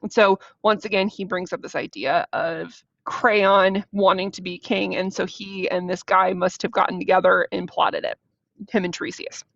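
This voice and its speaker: A woman's voice: medium pitch, level tone, moderate pace, gravelly, fairly bright tone, no room sound. A woman explaining a play as she reads it aloud, in a casual, slangy, chatty way. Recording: dull, dry lo-fi recording.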